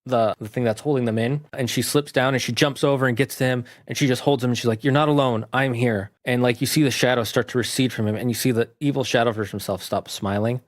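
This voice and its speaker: A man reviewing a movie, casually retelling its plot in a rambling, animated way. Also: medium pitch, fast talker, hardly any pauses.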